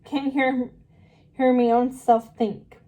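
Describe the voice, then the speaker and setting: A dim, vain young servant girl chatters dreamily to herself, as a woman reading a storybook puts her on. Her voice is mellow and slightly high, and she talks unhurriedly. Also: flat delivery, slow pace, low-quality recording. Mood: confused.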